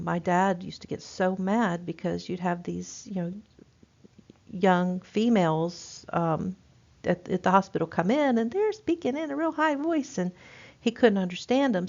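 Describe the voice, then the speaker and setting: A woman teaching a nursing class in a relaxed, informal way, with lots of ums and restarts. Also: on the low side, normal speed, gravelly. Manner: informal, many fillers and restarts. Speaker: nursing instructor. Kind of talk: recorded lecture. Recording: dull lo-fi lecture recording.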